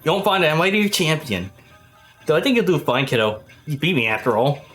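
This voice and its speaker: Animated male streamer reading game lines. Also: on the high side, brisk. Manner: laughing, theatrical, hammy reading of game lines. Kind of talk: let's play commentary, reading game dialogue aloud. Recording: faint game music behind.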